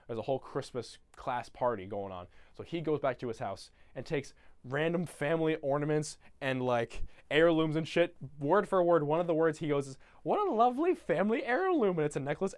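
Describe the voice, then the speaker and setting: Young man, casual crude rambling recap, fairly high voice, dead-dry sound. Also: brisk, no echo. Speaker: YouTuber. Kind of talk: rambling comedic movie recap.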